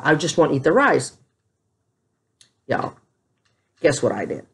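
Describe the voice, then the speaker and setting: A middle-aged woman chatting casually to camera at home as a vlogger, rambling through her stories. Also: fairly low pitch.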